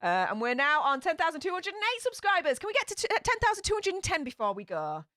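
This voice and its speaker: Yorkshire woman hosting a live chat, bright and bouncy, upbeat, reads comments out loud. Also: very high voice, huge pitch swings, fast talker, dry recording, clean studio sound. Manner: chatty, upbeat, thinks aloud. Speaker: livestream host. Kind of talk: casual live chat reading viewer comments.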